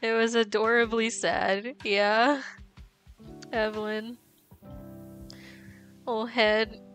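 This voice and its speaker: A woman's voice: a little high, little pitch movement, very slow, a bit bright, faint music behind. A young woman streamer chatting casually and reading game dialogue aloud, giggly and self-deprecating.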